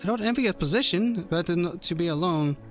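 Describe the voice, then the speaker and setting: A man's voice: high-pitched, animated, a little fast, faint music behind, voice pushed up. A man voicing a weary harbor merchant. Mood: resigned.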